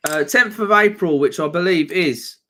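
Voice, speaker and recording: An easygoing man co-hosting a fan football stream, his voice sitting a bit high for a man. He reads out viewer comments and upcoming fixtures in a relaxed, chatty way. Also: moderate pace, a little hiss or hum. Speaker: co-host reading donations and comments. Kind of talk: casual live stream reaction chat.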